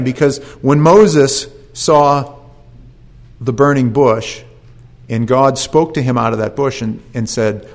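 Male preacher, sermon delivery, folksy animated storyteller, mid-pitched voice. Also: unhurried.

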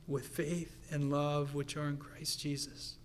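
Man, preacher, sermon, earnest, fervent, hushed asides, slightly high voice. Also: little pitch movement, a little slow, slight background noise.

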